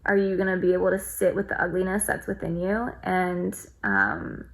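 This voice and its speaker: Recorded in low quality, a woman with a fairly low, creaky voice speaks at a normal speed. She's a vlogger telling the camera about a personal experience, reflective and heartfelt, and she uses "like" a lot as a filler.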